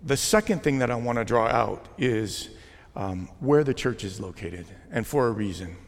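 A man preaching a sermon as pastor, talking in a conversational way with gentle jokes. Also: mid-range voice, animated, normal speed. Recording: long hall reverb.

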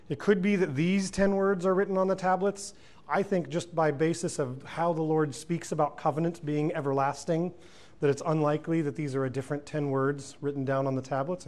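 A man leads a verse-by-verse Bible lesson in a slightly higher register. He reads scripture aloud, then unpacks it in a thoughtful, searching way, full of small fillers and restarts. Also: darkish tone. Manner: thoughtful, frequent fillers and self-corrections. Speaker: Bible teacher.

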